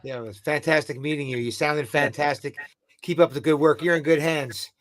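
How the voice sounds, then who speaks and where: A man who plays music himself, co-hosting a chat show with friendly encouragement. His voice sits a little high for a man. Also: fairly even intonation, a little fast. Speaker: co-host and musician. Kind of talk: casual chat.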